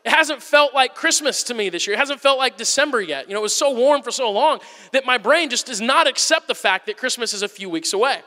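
A man in his thirties, a pastor, preaches with a very high, bright, forceful voice. He tells stories at a quick clip, acting them out as he goes. His voice rings with the long reverb of a large hall. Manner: animated storytelling, acts out whisper-yelling. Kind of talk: sermon.

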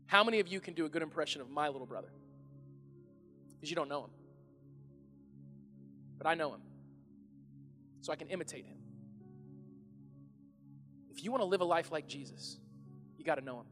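Animated pastor with a bright, high voice. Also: male voice. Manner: animated and conversational, shouting at times. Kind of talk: sermon. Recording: echoey hall with faint music.

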